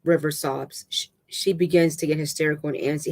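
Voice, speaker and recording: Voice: medium pitch, steady tone, a little mellow. A reader narrating a dramatic novel aloud, stumbling and restarting words now and then. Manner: halting reading with restarts and stumbles.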